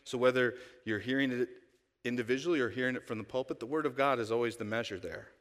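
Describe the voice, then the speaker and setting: A man's voice: mid-range voice, fast, a bit bright. Man preaching in an echoing church. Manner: conversational preaching with rhetorical questions. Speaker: pastor. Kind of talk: sermon. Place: church sanctuary. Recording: long church-hall reverb.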